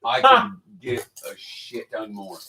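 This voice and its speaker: A man's voice: medium pitch, huge pitch swings, slow pace, vocal fry, sharp tone, far from the mic. A rowdy man chatting with friends, cursing heavily. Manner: rowdy, heavy swearing. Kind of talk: casual chat among friends.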